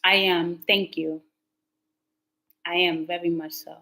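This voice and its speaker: A woman's voice: fairly low pitch, flat delivery, takes it slowly, bright, forceful tone, rough recording. A woman tarot reader talking casually to her livestream viewers, candid and slangy. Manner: chatty and candid, slangy, talks back to chat comments.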